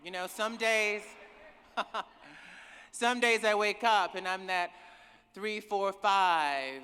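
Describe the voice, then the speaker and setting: A woman gives an emotional keynote speech in a large conference hall, speaking slowly at medium pitch to a cheering live audience, effusive and repeating words when she's moved. The recording is distant and echoey, with a loud crowd and slight background noise.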